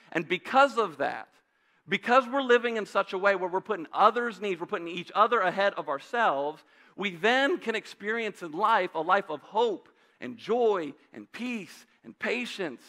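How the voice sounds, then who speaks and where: Man, 30s, pastor, conversational sermon, high pitched, bright tone. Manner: conversational, uses asides and rhetorical questions. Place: church sanctuary.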